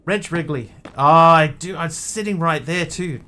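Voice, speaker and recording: A man's voice: a little high, unhurried, hardly any pauses, sharp tone, a little hiss or hum. A man streaming a game, chatting playfully with viewers and cracking jokes as he plays. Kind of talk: casual gameplay commentary.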